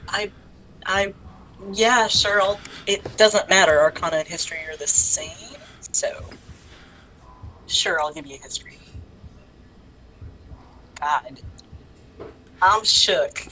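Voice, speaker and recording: A woman playing in a tabletop game, chatting casually in an animated, excitable way. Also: fairly low pitch, slow pace, pauses often, a little hiss or hum, low-quality recording. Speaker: player.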